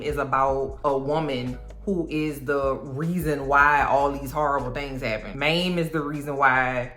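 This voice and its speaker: A woman recapping a TV episode in a casual, animated, sassy way, full of slang. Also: extremely low pitch, unhurried, few pauses. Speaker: TV recap vlogger. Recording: roomy room with faint music.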